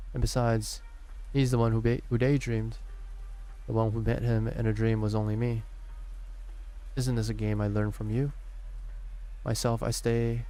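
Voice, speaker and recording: A man with a gravelly, fry-laden voice reads a game's story dialogue aloud on stream. His tone is dark and mellow, his pitch sits mid-range, and he takes each line slowly, tripping and restarting on words now and then. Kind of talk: dramatic reading of game dialogue.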